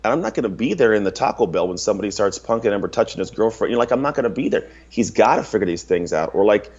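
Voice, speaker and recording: A man's voice: on the low side, expressive, quick pace, a little mellow, breathy edge, dull audio. A man in his thirties talking bluntly and emphatically as an interview guest, with lots of casual filler and swearing. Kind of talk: candid interview talk.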